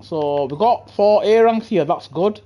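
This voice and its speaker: Joking British streamer in a headset. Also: male voice, high voice, unhurried, dark tone. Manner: joking banter with chat, slangy, laughs often. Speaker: gaming streamer. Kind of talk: live gameplay commentary. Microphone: gaming headset.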